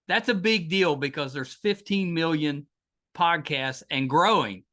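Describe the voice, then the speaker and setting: A man's voice: a little high, measured pace, pushed and bright. A middle-aged man with a West Virginia accent hosting a podcast interview, enthusiastic, with frequent restarts. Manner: enthusiastic, repeats and restarts often. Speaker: podcast host. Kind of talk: casual interview chat.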